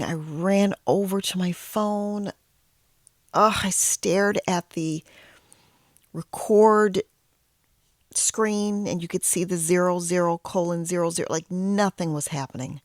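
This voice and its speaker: A woman host and yoga teacher in training, telling a personal story and teaching in a candid, self-deprecating conversational way with quiet whispered asides. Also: lowish voice, no echo, studio quality.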